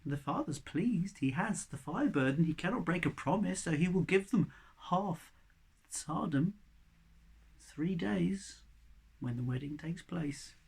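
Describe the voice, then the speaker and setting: A male storyteller telling a folk tale aloud, swinging between loud passages and hushed whispers. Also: a little high, animated, a little slow, creaky, slightly rough.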